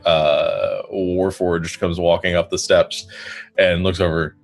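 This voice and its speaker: A man's voice: low-pitched, fairly even intonation, creaky, soft background music. A man narrating a tabletop game as game master, playful and laughing often. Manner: laughing often, playful, does quick character voices.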